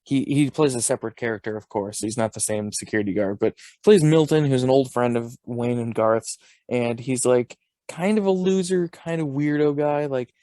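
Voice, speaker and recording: A man's voice: medium pitch, moderate pace, warm tone, no room sound, clean studio sound. A young adult man co-hosting a podcast, chatting casually, rambling as he recounts scenes and laughing often. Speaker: podcast co-host. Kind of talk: casual chat.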